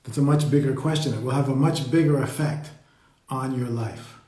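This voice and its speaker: A man leading a live meditation talk, speaking slowly and reflectively and greeting viewers as they join. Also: mid-range voice, fairly even intonation, mellow. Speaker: meditation teacher. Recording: roomy echo.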